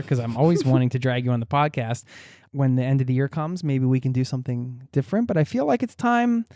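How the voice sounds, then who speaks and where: A man's voice: a little high, warm tone, clear, resonant tone, no echo, clean studio sound. A man hosting a podcast in casual chat, playfully teasing his co-host and laughing often.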